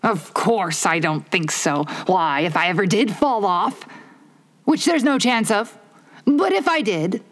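A pompous, touchy egg-man holds forth from his wall, drawing out his words in a slow, haughty, raised voice, as a woman reader puts him on. He lectures rather than talks, leaning hard on each grand phrase. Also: mid-range voice, animated.

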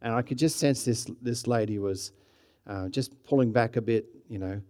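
A middle-aged pastor with an Australian accent delivers a sermon in a mellow, mid-range voice at normal speed. His preaching is conversational and story-driven, with frequent restarts and occasional rising bursts of energy.

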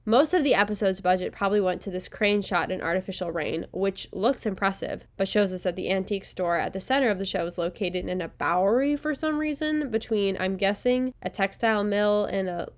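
A woman reads her own review script with a dry, sarcastic edge. She laughs often and restarts lines when she fumbles a word. Her voice sits at an ordinary middle pitch. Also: brisk, few pauses. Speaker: podcast host reading a review script. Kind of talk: casual recorded commentary read from a script.

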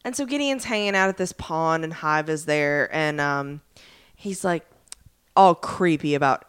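A woman's voice: sits low, unhurried, clear, resonant tone. A woman co-hosting a podcast, chatting wryly and recapping a TV episode. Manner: wry, recaps plots animatedly. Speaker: podcast co-host. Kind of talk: casual chat and episode recap.

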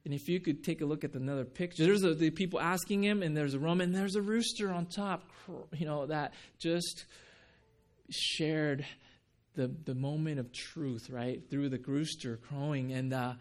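A man preaching a sermon, telling the story with many restarts and acting out the quoted lines. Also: on the high side. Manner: many restarts and repeated words. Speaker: pastor.

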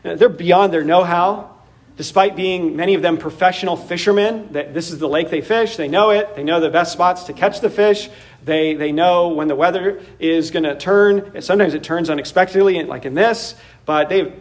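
Male pastor, slightly high voice, animated sermon delivery with frequent laughs.

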